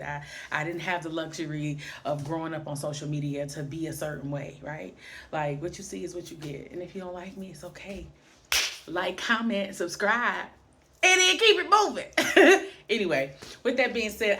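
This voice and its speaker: Middle-aged woman vlogger, lower voice; animated storyteller who acts out the voices. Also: slight background noise. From Highland Park, Michigan, near Detroit. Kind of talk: personal storytelling vlog.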